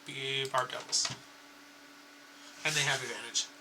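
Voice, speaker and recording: A man running a tabletop game as dungeon master, laughing often and making quick rulings. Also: medium pitch, steady tone, background noise.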